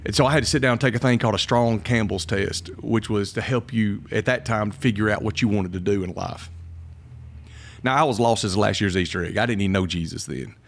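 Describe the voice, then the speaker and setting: A middle-aged man, a pastor telling his story in a casual interview, folksy and quick to laugh. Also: on the low side, vocal fry. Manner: folksy, laughs often, quotes himself.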